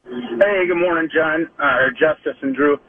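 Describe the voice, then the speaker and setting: A veteran man calling in to a radio show, emotional, halting and angry. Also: fairly high pitch, breathy edge. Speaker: caller, military veteran. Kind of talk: call-in to talk radio. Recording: tinny phone line, distant.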